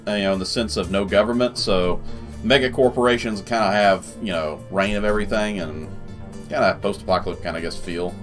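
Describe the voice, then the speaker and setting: A man's voice: lowish voice, fairly quick, faint music behind. A man hosting a casual let's play, rambling chattily between reading the game's text aloud. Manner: rambling and chatty, full of fillers.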